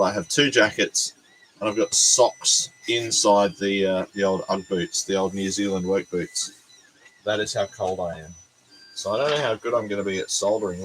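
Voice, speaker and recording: Deep-voiced Australian man with a cold. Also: fairly bright tone, a little hiss or hum, rough recording. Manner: rambling, self-deprecating, chatty. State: sick, hoarse from a cold. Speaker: teacher livestreaming his workbench. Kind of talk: casual livestream chat.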